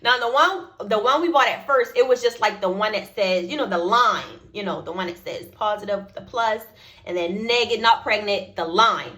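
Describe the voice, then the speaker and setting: A woman's voice: mid-range voice, moderate pace, pushed and bright. A young woman, telling a personal story to her viewers and acting out both sides of the conversations. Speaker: vlogger. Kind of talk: casual storytelling to camera.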